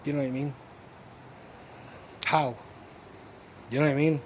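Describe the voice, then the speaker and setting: A man's voice: a little high, fairly even intonation, measured pace, slight background noise. A man talking in a rambling, profane monologue, full of fillers and repeated asides to the listener. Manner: rambling and profane, fillers and repeated 'you know what I mean'. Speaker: vlogger.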